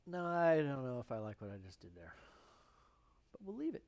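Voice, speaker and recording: A man's voice: mid-range voice, wildly swooping pitch, fairly quick, a little mellow. A man hosting a live painting stream, thinking aloud in rambling, self-mocking asides as he works. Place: painting studio.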